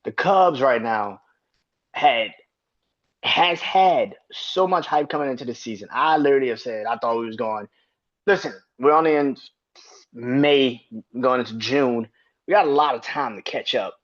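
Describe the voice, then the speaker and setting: A man's voice: mid-range voice, moderate pace. Man, podcast host, casual sports rant, exasperated, profane, repetitive, muffled lo-fi recording.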